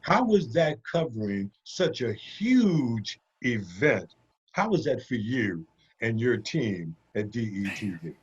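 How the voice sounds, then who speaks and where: A man's voice: medium pitch, big pitch swings, slow pace, husky. A man co-hosting a casual interview, asking questions with encouraging, affirming interjections. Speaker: co-host. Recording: dull, lo-fi sound.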